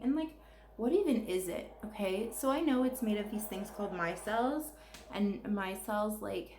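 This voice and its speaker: A woman's voice: medium pitch, vocal fry, darkish tone, echoey room, a little hiss or hum. A woman chatting casually while doing her makeup, ranting and rambling with plenty of swearing. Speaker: makeup vlogger.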